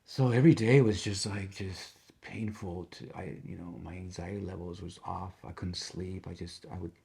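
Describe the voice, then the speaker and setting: A middle-aged man, a musician being interviewed, talking in a halting way and often repeating and restarting his words. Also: deep voice, steady tone, vocal fry, a little mellow, husky. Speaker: interview guest, tribute band musician. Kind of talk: casual interview conversation.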